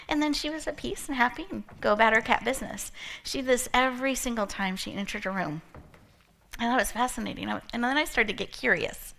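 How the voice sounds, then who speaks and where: A woman's voice: a little high, brisk, vocal fry, a bit bright, slight background noise. A woman giving a playful, inspirational opening talk to a live audience, telling stories and laughing often. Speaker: motivational speaker opening an event.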